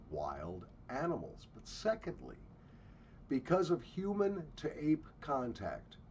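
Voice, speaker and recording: A man's voice: medium pitch, a little mellow, lo-fi sound, a little hiss or hum. A man from the United States giving blunt, sarcastic travel commentary with swearing. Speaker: travel vlogger.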